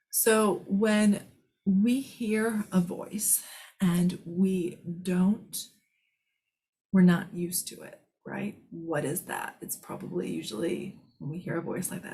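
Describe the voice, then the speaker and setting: A woman hosting a live spiritual question-and-answer session, speaking in a soothing, reassuring way that often sinks to a soft whisper. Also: fairly low pitch, slow pace.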